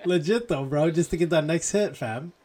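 A man's voice: a little high, moderate pace, noisy background. A young male podcast guest cracking crude jokes in slang. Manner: crude joking, slangy, laughs often. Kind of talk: casual chat.

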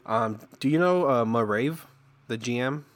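A man's voice: mid-range voice, lively intonation, a little slow. A young adult man talking through a voice changer, chatting as a streamer guest in a laid-back, rambling way full of fillers. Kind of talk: casual interview chat.

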